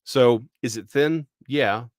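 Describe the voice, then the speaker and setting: A man's voice: medium pitch, slow, dry recording, clean studio sound. Thoughtful, rambling man from Texas. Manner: thoughtful, rambling, full of restarts. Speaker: podcast co-host. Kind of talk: casual discussion.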